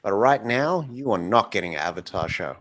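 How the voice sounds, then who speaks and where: A man's voice: on the low side, lively intonation, brisk, a bit bright. A man co-hosting a podcast, chatting casually in a laid-back way and swearing now and then. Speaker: podcast co-host. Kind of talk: casual chat.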